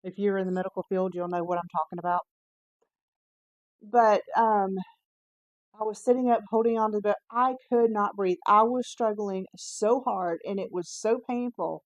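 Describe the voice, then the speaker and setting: Woman vlogger, candid storytelling, mid pitch, dry close sound. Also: steady tone, moderate pace, dry recording, muffled recording. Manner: chatty, candid, with frequent "um" and self-corrections. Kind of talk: casual personal storytelling.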